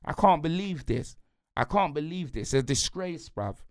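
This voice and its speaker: A man's voice: on the high side, lively intonation, normal speed, no echo, studio quality. A man ranting angrily about his football team, in heavy slang. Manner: heated, slangy, repetitive, punctuates lines with "blood" and "fam". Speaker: football fan pundit. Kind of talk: angry football rant.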